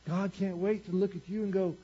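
A man preaching a sermon, moving from quiet earnest talk to booming exclamations. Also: level tone, fairly quick, slightly rough, muffled recording. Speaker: pastor.

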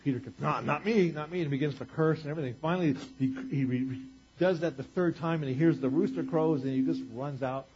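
A man preaching a sermon, retelling a scripture story in casual everyday paraphrase, swinging between loud emphasis and quiet asides. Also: mid-range voice, fast, highs cut off. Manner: conversational, retells scripture in casual paraphrase, varies loudness widely. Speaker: pastor.

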